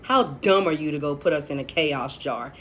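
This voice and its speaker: A woman's voice: sits low, normal speed, a little hiss or hum. A woman telling a personal story in a casual vlog, blunt and chatty, full of profanity and dramatic asides.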